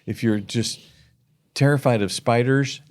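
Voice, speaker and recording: A man's voice: medium pitch, unhurried, a little mellow. A man co-hosting a casual faith-based podcast, talking earnestly with many restarts and emphatic urging. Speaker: podcast co-host.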